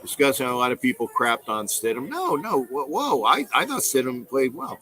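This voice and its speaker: The recording is low quality, and the middle-aged host's mid-range voice swoops wildly in pitch, sounding sharp and fairly quick. Chatting loosely with fans on his call-in livestream, he wanders off topic, says things more than once, and reads out comments from viewers.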